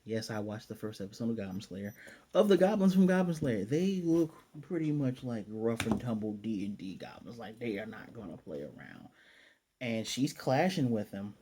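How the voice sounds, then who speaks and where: Mellow-voiced man recapping an anime. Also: lowish voice, sing-song, a little hiss or hum. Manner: retells scenes with quick paraphrased dialogue; chatty, self-correcting asides. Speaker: anime reviewer. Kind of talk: casual episode recap.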